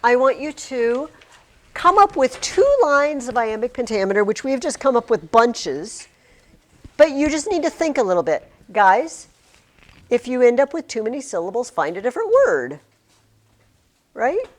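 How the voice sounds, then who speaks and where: Woman teacher in a classroom, kinda high voice, goes way up and down, emphatic, restarts words a lot. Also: big pitch swings, moderate pace. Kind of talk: classroom lesson. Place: classroom with curtains on the walls. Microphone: recording device in the classroom.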